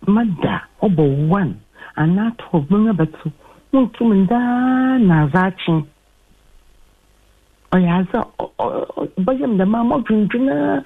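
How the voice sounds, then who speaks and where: A woman with a Ghanaian accent calling in to a radio show, speaking in a halting pidgin-flavored way. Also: mid-range voice, slightly rough. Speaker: radio caller. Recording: tinny, distant phone line.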